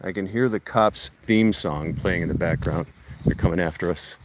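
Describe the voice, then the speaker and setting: A man's voice: low-pitched, a little fast. A man live-streaming a walk with his dog, talking to the dog and his viewers in a coaxing, casual way. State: out of breath while walking uphill. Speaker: livestream host walking his dog. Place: outdoors at a reservoir, walking. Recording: loud outdoor noise.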